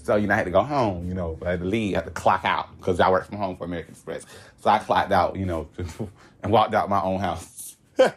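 A young man from Florida telling a story in casual chat, animated and laughing as he goes. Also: fast talker, breathy edge. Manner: animated and laughing, swoops high when excited. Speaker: guest telling his story.

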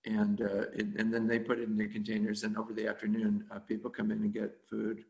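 A man telling a casual story about volunteer cooking, halting and full of fillers and self-corrections. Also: on the low side, completely flat delivery, vocal fry, darkish tone, poor audio. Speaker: volunteer cook.

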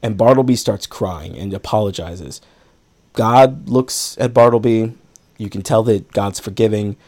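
A man's voice: on the low side, measured pace, darkish tone. A man hosting a podcast, casually recapping a film in a rambling way with lots of fillers and frequent laughs. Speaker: podcast host.

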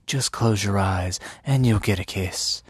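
A man's voice: on the low side, unhurried, breathy edge, dry recording, studio quality. A man voicing a brash, bossy woman who orders people around in slang. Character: brash adulterous miller's wife, woman.

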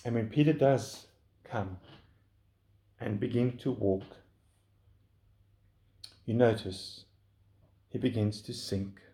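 A man preaching a sermon in an earnest, pleading way that lifts in pitch when he urges his listeners. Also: takes it slowly, creaky, pauses often, warm tone.

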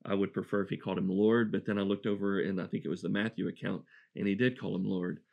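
Male preacher, lowish voice with fry, earnest verse-by-verse sermon delivery. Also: level tone, fast, muffled recording. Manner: earnest and reflective, with restarts. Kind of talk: sermon, verse-by-verse Bible teaching.

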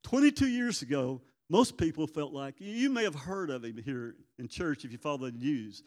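A man's voice: on the high side, big pitch swings, moderate pace, darkish tone. Older man preaching, folksy storyteller, church reverb trailing his words. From Arkansas. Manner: folksy storytelling, acts out voices in quotes. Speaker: prison ministry guest speaker. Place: church sanctuary.

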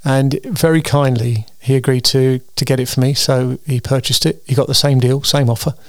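A man's voice: medium pitch, fairly even intonation, normal speed, no echo, studio quality. A tired man hosting his weekly solo show, chatting in a meandering way with frequent ums and restarts. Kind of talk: casual rambling monologue.

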